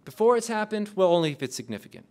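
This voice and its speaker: A man lecturing a class, quizzing the audience with rapid questions. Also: high voice, very animated, darkish tone. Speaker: lecturer on intelligence oversight.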